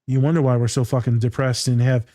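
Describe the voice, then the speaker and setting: A man's voice: medium pitch, little pitch movement, fast, mellow, dry recording. Male podcast host, candid, profane, casual, dry close sound.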